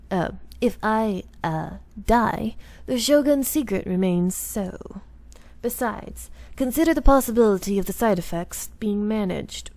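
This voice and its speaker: A woman voicing a composed young samurai man, speaking in a measured, solemn way while reading game dialogue aloud. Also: medium pitch, dry recording. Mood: resolute. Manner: measured, solemn, quiet delivery.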